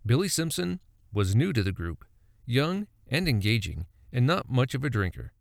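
A man telling a folksy story with a very lively, swooping voice. His tone has a gravelly edge, and the recording is dry and close. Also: medium pitch, normal speed, no room sound. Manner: folksy, animated. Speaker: narrator. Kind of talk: storytelling narration.

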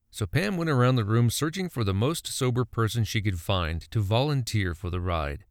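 A man narrating a folksy story in an animated, storytelling manner. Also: lowish voice, moderate pace, hardly any pauses, no room sound, clean studio sound.

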